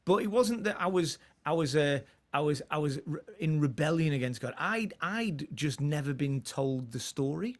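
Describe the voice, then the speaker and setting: A man in his forties, appearing as a comedian guest, shares a personal story in relaxed conversation. His fairly high, expressive voice moves at normal speed with few pauses, and he rambles, restarting often and laughing.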